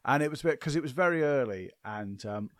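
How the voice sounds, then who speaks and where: A man's voice: medium pitch, animated, brisk, no room sound, studio quality. A man co-hosting a podcast in casual chat, rambling and self-deprecating, with many restarts. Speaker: podcast co-host.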